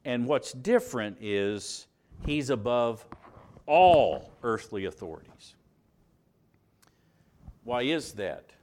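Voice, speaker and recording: A man with a Southern US accent preaching a sermon, stressing key words by rising, dropping and slowing down. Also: medium pitch, sing-song, darkish tone. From Alabama, US. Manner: emphatic, rises and drops for stress, slows on key words.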